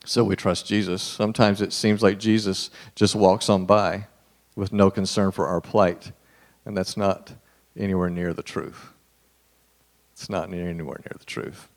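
A man preaching a conversational sermon to a live group. He talks to them directly and informally, and drops to a hushed voice to stress a point. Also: low-pitched, steady tone, moderate pace.

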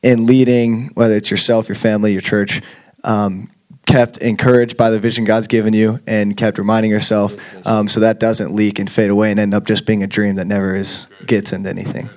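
A man's voice: lowish voice, flat delivery, a little fast. A man moderating a church panel, asking long and earnest questions. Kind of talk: panel discussion at a church conference.

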